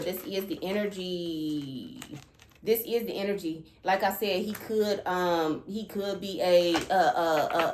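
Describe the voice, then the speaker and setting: A woman's voice: on the low side, takes it slowly, a little mellow, reverberant, slight background noise. A woman doing a casual tarot reading, emphatic and repetitive, checking in with "okay?" and "all right?" after each point. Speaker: tarot reader.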